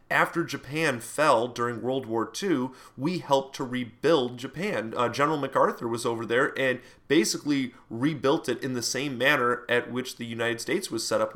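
A man's voice: mid-range voice, a bit bright. A man teaching a lecture in a conversational, loose way, full of fillers and asides. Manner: puts on mock voices for quoted speech. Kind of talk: classroom lecture.

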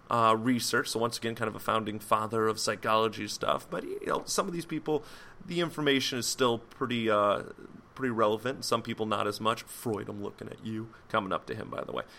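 On his own podcast, this host explains psychology loosely, like a casual lecture full of fillers, corrections, jokes and a fake French accent on foreign terms. He speaks briskly in a lowish, sharp voice with vocal fry.

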